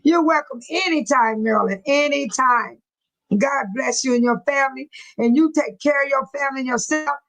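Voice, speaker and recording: A woman's voice: high-pitched, normal speed, fairly bright tone, low-quality recording. A woman hosting a live chat, reading viewer comments aloud and often breaking into laughter, speaking in a folksy, churchy way. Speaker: livestream host.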